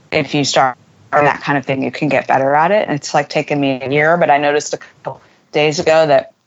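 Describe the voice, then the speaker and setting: A woman's voice: deep voice, muffled recording. A woman who teaches, explaining earnestly and thoughtfully in casual conversation.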